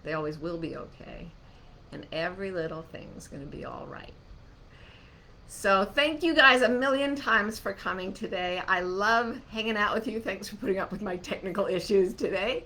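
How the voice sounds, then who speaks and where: Bright-voiced woman host, gently coaching. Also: medium pitch. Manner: warm, animated, soothing when slowing down. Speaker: host answering listener questions. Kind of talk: live online Q&A talk.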